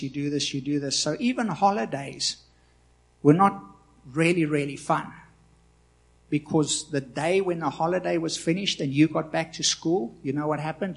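Husky man in his forties preaching. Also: a little high. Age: 40s. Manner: impassioned preaching with swings from loud to quiet. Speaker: pastor. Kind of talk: sermon.

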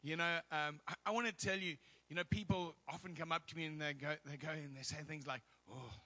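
This middle-aged man, preaching as a church's guest speaker, talks fast in a slightly high, steady voice that comes across pushed and bright. His sermon is chatty personal storytelling laced with humor and asides.

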